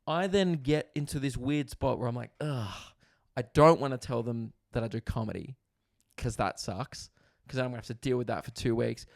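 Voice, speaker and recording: Young male comic host, gravelly voice, casual storyteller who swears a lot and acts out voices. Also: mid-range voice, normal speed, dry recording, clean studio sound. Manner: animated, swears freely, acts out others' voices. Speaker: comedian podcast host.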